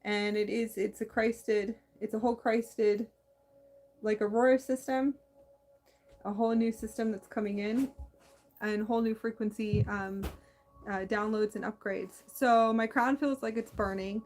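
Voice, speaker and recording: A woman hosting a spiritual talk, speaking in a meandering, halting way with many restarts and a slight lisp. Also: medium pitch, steady tone, darkish tone, soft background music. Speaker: spiritual channel host. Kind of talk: casual spiritual monologue.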